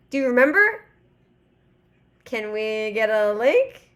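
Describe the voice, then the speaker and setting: A woman's voice: on the high side, very animated, slow pace, long pauses, slight background noise. A woman in her thirties hosting a live stream, chatting casually and reading viewers' comments aloud. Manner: rambling, chatty, reads chat aloud. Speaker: livestream host.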